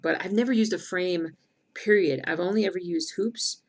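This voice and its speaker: This middle-aged woman, a cross-stitch streamer, speaks at a normal speed in a lowish voice. She rambles casually as she works, answering viewer comments aloud on her live stream.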